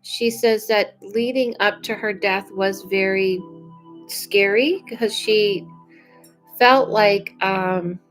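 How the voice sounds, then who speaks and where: Slow, chatty woman doing a psychic reading. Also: medium pitch, steady tone, faint music behind, poor audio. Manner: chatty and unhurried, with many fillers. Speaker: psychic medium. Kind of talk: live-streamed reading.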